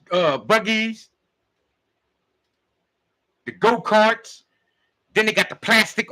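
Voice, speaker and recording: A spiritual teacher gives a casual, conversational talk full of street slang, speaking directly to his listeners. His voice sits high, bright and forceful, on a rough recording.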